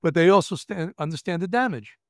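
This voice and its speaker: A man's voice: high voice, fairly quick, no echo, studio quality. A man in his seventies with a New York accent, a retired federal agent telling his story in a candid interview, emphatic and repeating words. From Brooklyn, New York. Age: 70s. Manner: emphatic, acts out quoted voices, repeats words.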